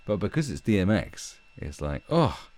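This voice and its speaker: A man's voice: deep voice, big pitch swings, normal speed, a little mellow. A man hosting a livestream, ranting bluntly and mockingly, with plenty of swearing. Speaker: livestream commentary host. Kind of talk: casual ranting commentary.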